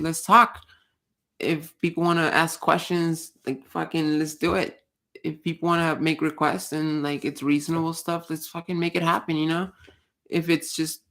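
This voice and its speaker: Gravelly-voiced woman ranting casually. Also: sits low. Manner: blunt, swears a lot, rambling with restarts. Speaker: livestream host.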